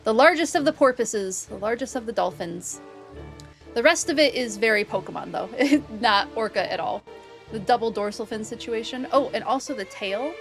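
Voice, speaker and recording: A woman's voice: fairly high pitch, normal speed, soft background music. A woman streamer and biologist chatting casually while playing a game, explaining with enthusiasm and laughing often. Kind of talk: casual game-play commentary.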